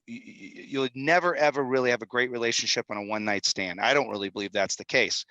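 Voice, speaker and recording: A man's voice: medium pitch, pushed and bright, no echo, low-quality recording. A man in his fifties, a film executive producer, talking energetically and a bit rambling as a podcast guest. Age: 50s. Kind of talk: animated podcast interview talk. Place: studio in Utah.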